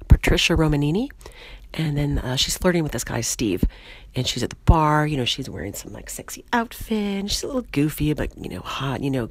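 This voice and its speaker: A hoarse woman hosting a podcast, rambling casually with lots of fillers as she sets up an old comedy sketch. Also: very deep voice. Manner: rambling, with many fillers and restarts. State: hoarse, voice mostly lost. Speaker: podcast host.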